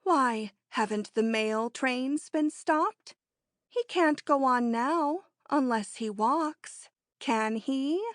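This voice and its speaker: A woman voicing a bold, eager young heroine in an audiobook, brisk and quietly triumphant. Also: sits high, dry recording, studio quality. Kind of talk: audiobook character reading.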